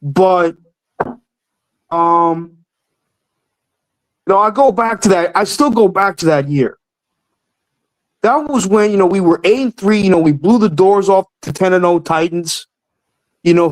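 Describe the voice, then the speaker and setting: Young man, caller, high-pitched voice, emotional, cursing, rambling sports rant. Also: a little slow, long pauses, rough recording. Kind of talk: casual sports call-in rant.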